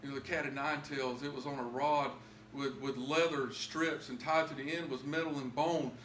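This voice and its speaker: A man's voice: medium pitch, fairly even intonation, moderate pace, fairly bright tone, roomy sound, a little hiss or hum, low-quality recording. A man telling a personal testimony, repeating himself and building up to emotional cries. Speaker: testimony speaker.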